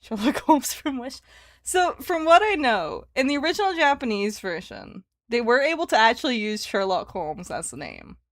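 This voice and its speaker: A young woman chats through a game on a live stream, giggling often and reading lines aloud. Her voice sits fairly high and jumps around a lot. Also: very animated, moderate pace, no room sound, studio quality. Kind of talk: casual gaming stream commentary.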